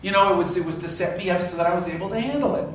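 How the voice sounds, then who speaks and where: Guy doing a sermon-type class in a church, kinda high voice, big echo, mic way back, faint hiss. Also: racing. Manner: animated storyteller, acts out quoted voices. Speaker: minister. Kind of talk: sermon-style class talk. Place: church hall. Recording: echoey hall from far off.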